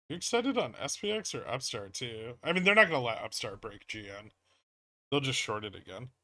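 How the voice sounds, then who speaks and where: A man's voice: mid-range voice, very animated, fairly quick, bright, forceful tone, no room sound, clean studio sound. A man hosting a livestream, casually commenting on trades as he reacts to the charts and swears now and then. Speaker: livestream host trading stocks.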